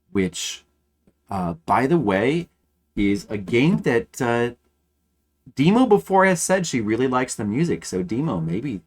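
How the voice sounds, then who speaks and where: A man streaming games, chatting casually and thinking aloud, rambling with frequent restarts. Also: lowish voice. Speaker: game streamer. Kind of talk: casual live-stream chat.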